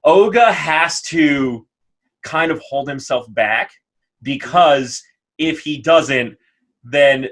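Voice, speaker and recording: A man with an ordinary mid-range voice co-hosting a casual anime podcast. He talks in quick, chatty bursts, laughs easily and trips over repeated words and fillers as he explains. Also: mid-range voice, a bit bright. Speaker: podcast co-host.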